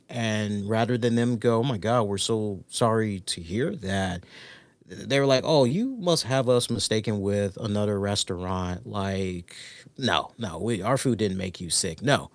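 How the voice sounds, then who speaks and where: Animated storytelling male podcast host. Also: fairly low pitch, no room sound. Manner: storytelling, animated, swears casually. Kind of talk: casual live-stream chat.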